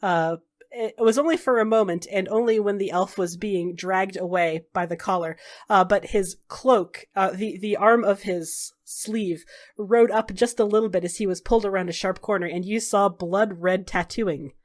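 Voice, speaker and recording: A woman's voice: mid-range voice, normal speed. A woman running a tabletop game as game master, telling the story with many fillers.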